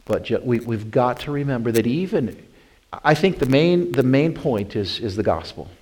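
A pastor delivers a sermon, shifting between loud, climbing emphasis and slow, hushed stretches while repeating phrases and addressing listeners as "my friends." His medium-pitched voice is slightly rough with lively intonation, and the audio quality is poor.

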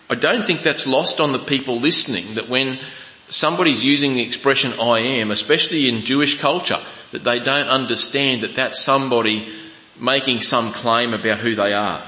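A man preaching a sermon in a church, his voice bright and forceful. He reads scripture slowly and breaks off with restarts and asides. The sound rings out with the long, echoing reverb of a large hall. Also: mid-range voice. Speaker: pastor.

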